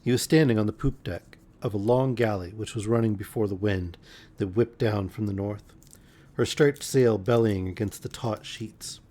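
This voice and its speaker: A man reading a pulp fantasy novel aloud as a bedtime story, measured with occasional slips. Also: lowish voice, dark tone.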